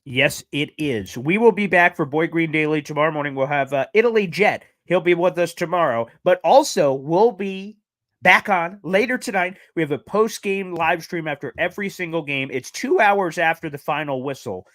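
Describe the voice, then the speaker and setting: A man hosts a casual sports podcast in an upbeat, slang-heavy way, full of hyped sign-offs. His voice sits a little high. The sound is dry and close, with no room in it. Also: normal speed, fairly bright tone, dry recording. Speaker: podcast host.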